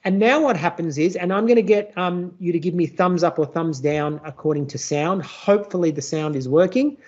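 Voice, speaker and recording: A teacher walks an online class through a software demo in a chatty way and keeps asking "all right?". The voice comes over a computer mic on a video call. The sound is muffled and lo-fi. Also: mid-range voice, a little fast. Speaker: teacher presenting a workshop. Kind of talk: live online tech demonstration.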